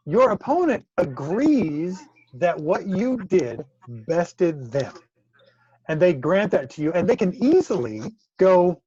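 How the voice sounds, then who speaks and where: Animated high-voiced man, casual chat. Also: slow, breathy edge, muffled recording. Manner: animated storyteller, swears freely. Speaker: co-host fighter.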